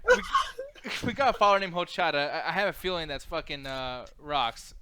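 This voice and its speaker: A man's voice: fairly high pitch, very animated, moderate pace, noisy background. A man co-hosting a gaming livestream podcast, swearing, joking and rambling in casual banter. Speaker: podcast co-host.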